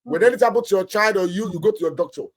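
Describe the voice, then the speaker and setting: A man's voice: high-pitched, rapid-fire. A man with a Nigerian accent, a pastor and marriage counselor giving emphatic marriage advice on a talk show. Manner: emphatic, preacherly, acts out little anecdotes.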